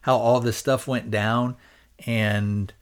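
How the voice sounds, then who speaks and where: A man's voice: mid-range voice, fairly even intonation, takes it slowly, clear, resonant tone. A man hosting a podcast and recapping a film's plot in a loose, rambling way, hedging and restarting as he searches for words. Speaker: podcast host reviewing a film. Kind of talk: casual spoken film recap.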